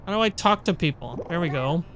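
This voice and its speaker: A gamer giving casual running commentary over gameplay, chatty and swearing freely, with loud frustrated outbursts. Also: medium pitch, lively intonation, fairly quick, background noise. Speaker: let's play gamer.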